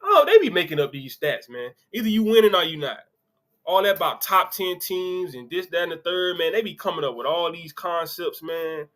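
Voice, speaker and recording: Bright-voiced man riffing on college football. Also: on the high side, animated, moderate pace. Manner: loose, conversational, reads comments aloud with asides. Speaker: sports show host. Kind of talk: casual sports commentary live stream.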